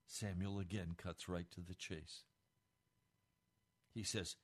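A man's voice: sits low, fairly even intonation, takes it slowly, long pauses. A man preaching a sermon as pastor, earnest and blunt.

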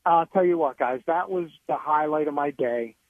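A man's voice: on the high side, normal speed, dry recording. A man calling in to a radio show, enthusiastically telling a story. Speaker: caller. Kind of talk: phone-in storytelling. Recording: tinny phone line.

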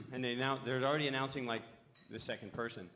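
A man's voice: mid-range voice, fairly even intonation, quick pace, a bit bright, a little hiss or hum. A middle-aged man spins a long story for a live panel. He rambles, loses his thread and swears casually along the way.

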